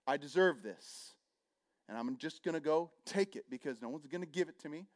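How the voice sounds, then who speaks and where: A middle-aged man preaching a sermon, telling the story with animated energy, acting out voices and joking at his own expense. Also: high voice, fairly quick. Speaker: pastor.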